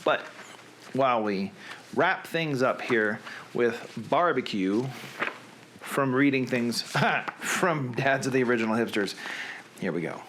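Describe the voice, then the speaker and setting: A man's voice: mid-range voice, animated, takes it slowly, long pauses, fairly bright tone, a little hiss or hum. A man in his forties hosting a live stream, chatting in a rambling way with viewers and chuckling at his own stories. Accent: Southern US, put on for the readings. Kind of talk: casual chat to a live audience.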